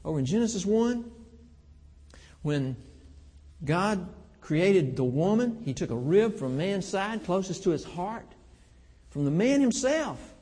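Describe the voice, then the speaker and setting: A man in his fifties preaching a sermon in a church, folksy and earnest, slowing down for emphasis. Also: high-pitched, very animated, mellow, slightly rough. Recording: long hall reverb.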